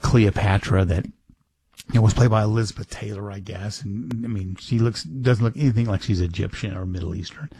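A man's voice: lowish voice, darkish tone, husky. A middle-aged man hosting a talk radio show, rambling casually with many restarts and fillers.

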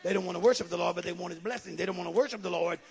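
A man preaching a sermon with fervor, dropping to a hush and then rising to shouts. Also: high-pitched, very fast, vocal fry. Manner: impassioned, swings from hushed to shouting.

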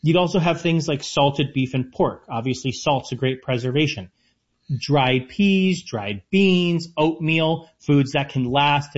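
A man co-hosting a casual radio food show, explaining things in an eager way. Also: mid-range voice. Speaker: co-host, chef. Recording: muffled lo-fi radio audio.

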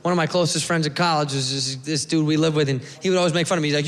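A man from the United States doing a stand-up comedy set, animated and profane, slipping into funny voices for the people he mimics. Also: fairly high pitch, rapid-fire. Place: comedy club stage. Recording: live club mic, echoey hall, audience noise. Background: audience laughter.

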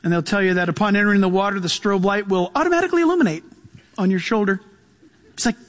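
A man's voice: sits high, fast talker. A male pastor giving a sermon, telling stories with humor and laughing often.

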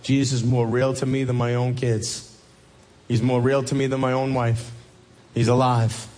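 A man preaching a sermon as pastor, emphatic and repetitive, often rising sharply in pitch to drive a point home. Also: flat delivery, normal speed, noisy background.

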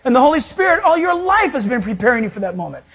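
Husky-voiced man preaching with emphasis. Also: extremely high pitch, very animated, fast, a bit bright. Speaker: pastor and Bible teacher. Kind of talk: sermon.

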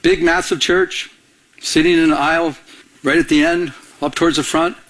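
A man's voice: a little high, fairly even intonation, moderate pace, a bit bright. A man preaching a sermon as a pastor, telling personal stories and acting out the voices of the people in them. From Michigan. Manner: storytelling, acts out quoted voices.

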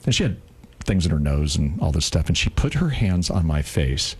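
A man in his sixties co-hosting a radio show, telling a heartfelt personal story in an earnest, emotional way, slowing down on key words. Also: very deep voice, sing-song, husky.

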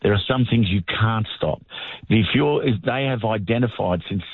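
A man's voice: lowish voice, husky, dry recording. An older man, a guest in a radio interview, talking earnestly and plainly with small halts. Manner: earnest, plainspoken, slightly halting. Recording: tinny phone line.

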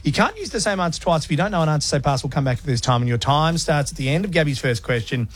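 An Australian man co-hosting breakfast radio in a joking, lively banter style. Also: on the high side. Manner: lively, joking, quick to laugh. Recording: music bed underneath.

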